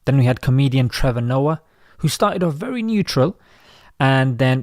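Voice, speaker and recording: A man talks through a string of social media posts, chatty and ready with his own opinions. His voice sits at an ordinary pitch for a man. The sound is dry and close, with no room around it. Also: a little mellow, no echo. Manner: conversational, opinionated. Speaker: commentator.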